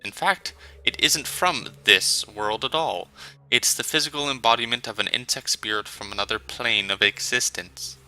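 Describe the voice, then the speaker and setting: A man's voice: mid-range voice, normal speed, pushed and bright, faint music behind, low-quality recording. A man voicing a flamboyant, sly male elf sage in a video game, theatrical and lecturing.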